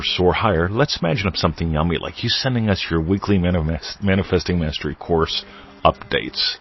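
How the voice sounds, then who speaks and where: A man's voice: deep voice, muffled recording, slight background noise. A man hosting a podcast, teaching in a loose, playful way with wordplay and asides. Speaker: podcast host. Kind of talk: casual spiritual teaching monologue.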